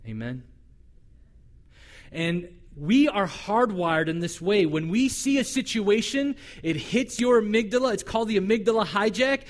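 A male pastor preaching a sermon in a conversational, humorous way, animated and acting out the voices he quotes. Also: high voice, unhurried.

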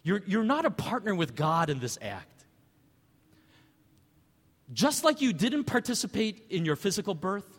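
A man preaching a sermon as pastor, conversational and animated, asking rhetorical questions. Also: fairly high pitch, slightly rough, long reverb tail.

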